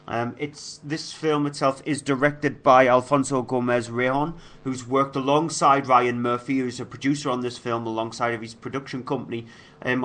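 A man's voice: medium pitch, a bit bright. Man co-hosting a film show. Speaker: film review co-host. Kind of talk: casual film review chat.

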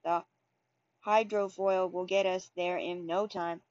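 A woman's voice: lowish voice, steady tone, takes it slowly, darkish tone. Friendly juggler lady giving a tour read by a woman, stumbles a bit, muffled lo-fi recording. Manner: hesitant reading with restarts. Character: friendly female circus juggler and guide. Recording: dull lo-fi recording.

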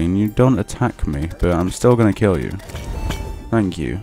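A man's voice: deep voice, expressive, moderate pace, mellow, faint music behind. A young man casually commentating his own gameplay, playfully talking to the creatures he meets. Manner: playful, talks to game enemies in a teasing voice. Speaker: gaming channel host. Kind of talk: casual let's play commentary.

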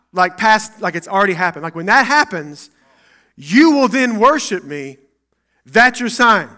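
A man preaching a sermon as pastor in a church, acting out Bible dialogue and swinging between loud and hushed. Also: sits high.

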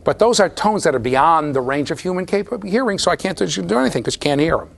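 Man, university lecturer, fairly high voice, very lively intonation, animated classroom talk. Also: fast talker, creaky. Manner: animated, checks in with students, repeats words.

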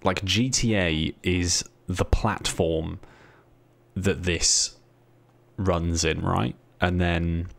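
A man's voice: low-pitched, steady tone, very slow, vocal fry. A man streaming a role-play game, chatting casually with jokes, swearing and rambling asides to his viewers. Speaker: streamer playing a police recruit.

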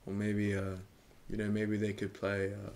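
A male podcast co-host in casual comedy chat, rambling and hesitant and leaning on filler words. His voice is fairly low. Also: completely flat delivery, moderate pace, creaky, darkish tone, a little hiss or hum. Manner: rambling, hesitant, full of you-knows.

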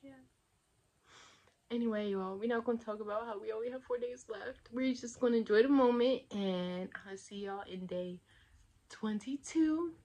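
A woman's voice: fairly high pitch, normal speed, warm tone. A young woman vlogging to camera in casual, rambling chat, laughing often and talking with lots of fillers.

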